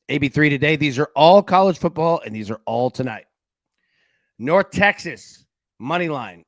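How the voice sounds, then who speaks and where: A man's voice: mid-range voice, vocal fry, a bit bright, no room sound. A man hosting a live sports betting show, upbeat, rattling off picks and reading chat comments aloud.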